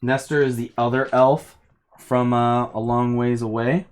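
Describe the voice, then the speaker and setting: Male game master, slow and easygoing, narrates monsters and turns. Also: medium pitch, flat delivery, smooth. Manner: slow, unhurried narration with chuckles.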